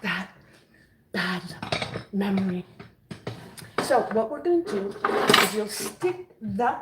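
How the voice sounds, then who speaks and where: A woman's voice: medium pitch, very noisy. A woman chatting and joking with her viewers while she cooks in her kitchen. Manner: chatty, jokey, talks to viewers while cooking. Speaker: vlogger cooking on camera. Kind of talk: chatty cooking vlog.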